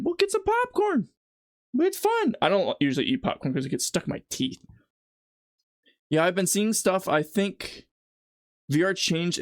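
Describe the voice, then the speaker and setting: A man's voice: fairly high pitch, no echo, studio quality. Chatty man streaming while he cooks. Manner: rambling, chatty, talks to viewers between kitchen tasks. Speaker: livestreamer. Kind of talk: casual live-stream chat while cooking. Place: home kitchen.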